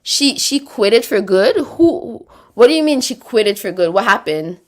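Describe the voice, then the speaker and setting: A woman's voice: a little high, animated, measured pace. A woman with a Quebec French accent, hosting a casual livestream, chatting, rambling and reading viewer comments aloud. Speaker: livestream host reading chat.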